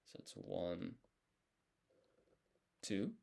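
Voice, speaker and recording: A man studying on a live stream, thinking aloud and correcting himself as he works through each character in a relaxed, casual way. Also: deep voice, extremely slow, creaky. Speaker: language learner streaming his study.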